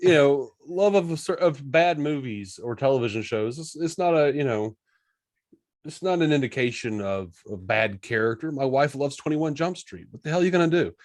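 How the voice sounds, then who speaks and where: A man's voice: medium pitch, lively intonation, moderate pace. A man co-hosting a podcast, joking and teasing in casual chat. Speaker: podcast co-host.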